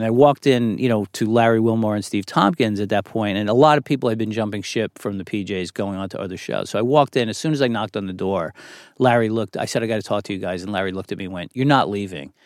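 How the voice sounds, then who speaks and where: A man's voice: lowish voice, darkish tone, no echo, clean studio sound. Candid middle-aged man telling a story. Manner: candid, swears freely, acts out the people he quotes. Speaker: TV writer and producer, guest. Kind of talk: storytelling in a podcast interview. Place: studio.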